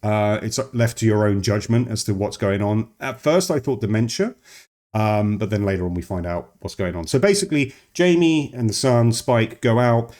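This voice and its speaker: A man's voice: on the low side, moderate pace, darkish tone. A man casually reviewing a film, rambling and digressing, often cutting himself off mid-sentence. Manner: rambling, digressive, self-interrupting. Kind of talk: casual chat.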